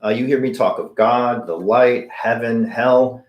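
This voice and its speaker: A man's voice: medium pitch, unhurried, dull audio. A middle-aged man hosting a live viewer Q&A, telling stories casually and acting out the voices he quotes. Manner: chatty, anecdotal, acts out quoted voices. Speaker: host of a paranormal channel answering viewer questions. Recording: echoey room.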